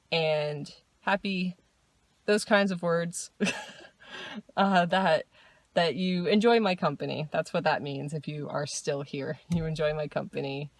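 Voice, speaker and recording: A woman talking casually in a personal diary vlog, rambling, restarting and laughing often, in a dark room at night. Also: lowish voice, dry recording. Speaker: vlogger.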